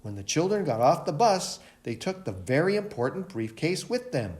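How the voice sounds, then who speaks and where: Lively man reading a children's story. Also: medium pitch, normal speed. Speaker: library director reading a picture book. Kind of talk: children's storytime read-aloud.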